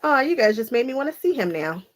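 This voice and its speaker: Her voice is a little high and swings widely in pitch, and she talks quickly. She's a quilting channel host live streaming from her home sewing space, laughing frequently and chatting casually while she cuts fabric and strays onto tangents.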